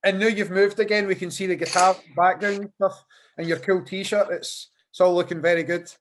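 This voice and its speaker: Male podcast host, high-ish voice, chatty, on a video call. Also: level tone, brisk, a little hiss or hum. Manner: chatty, repeats words while thinking. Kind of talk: casual video-call interview.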